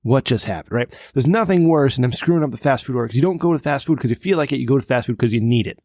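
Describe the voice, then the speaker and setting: Gravelly man ranting on a podcast. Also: mid-range voice, rapid-fire, darkish tone, slight background noise. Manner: profane, emphatic ranting. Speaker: podcast co-host. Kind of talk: casual comedic chat.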